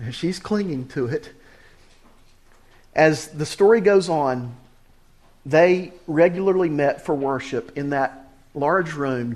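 A male pastor preaching a sermon, reading quoted story passages aloud with lively emphasis and then addressing the congregation directly. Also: a little high.

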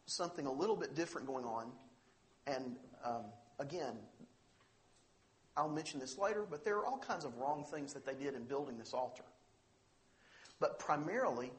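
A man preaching a sermon, earnest and emphatic, pressing hard on the scripture he reads out. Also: mid-range voice. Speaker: pastor.

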